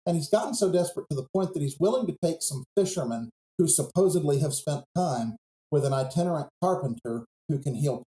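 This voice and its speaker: A pastor on a podcast, telling a Bible story in an earnest, reflective way. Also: male voice, a little high, lively intonation, a little fast, warm tone, echoey room, rough recording.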